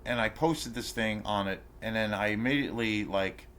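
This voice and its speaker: A man ranting to camera on his own channel tells an indignant, outraged story, rambling and profane, full of fillers and restarts. His lowish voice is fairly bright, at normal speed, with slight background noise.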